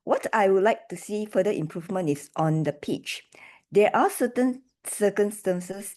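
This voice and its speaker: On a video call, a woman evaluates the delivery of a speech at a speaking club meeting, coaching with encouraging checks like "right?" and "okay?". Her mid-range voice is warm, with lively intonation and a measured pace.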